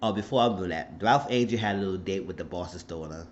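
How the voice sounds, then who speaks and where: A man with a fairly low voice talks through a TV episode in a loose, indignant way, cursing freely. The recording is dull and lo-fi with a faint noise underneath. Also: fast talker. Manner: outspoken, profane, indignant. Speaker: recap vlogger. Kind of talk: casual TV episode recap.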